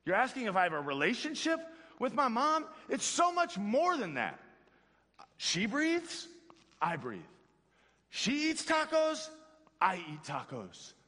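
A man doing a super-smart unborn baby, pitched well up from his usual voice and talking in laid-back, emphatic slang. The voice rings with a long reverb in a large room. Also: wildly swooping pitch, measured pace, pauses often, pushed and bright, exaggerated voice.

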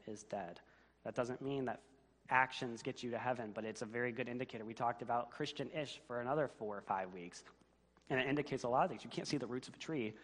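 A man preaching a sermon as pastor, earnest and building to emphatic questions. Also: mid-range voice. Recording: long reverb of a church hall.

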